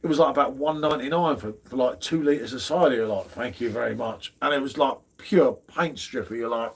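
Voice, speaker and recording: A man's voice: mid-range voice, a little fast, slightly rough. A middle-aged man, hosting a casual beer livestream and chatting in a matey, banter-filled way. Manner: chatty, matey banter, drops "mate" often. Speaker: beer channel host.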